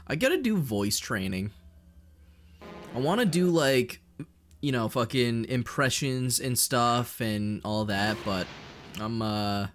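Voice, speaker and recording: A young Canadian man streaming, chatting casually with his chat in a fairly monotone voice, swearing and joking as he rambles. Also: mid-range voice, takes it slowly, slight background noise. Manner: rambling, profane, jokey, reads and answers chat.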